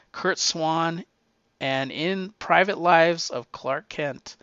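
Man, casual comic review, rambling, enthusiastic, fairly high voice, dull lo-fi sound. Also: fairly bright tone, smooth, no room sound. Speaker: comic book collector reviewing his reads.

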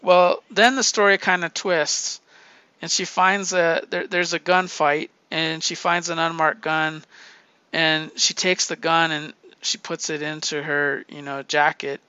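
A man with a high, bright and very clear voice recaps comic stories in a casual review, swearing freely and laughing as he goes. The recording is dry and a little dull, with no room sound. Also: little pitch movement, a little slow, no echo. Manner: profane, laughing storyteller. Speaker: podcast host reviewing comics.

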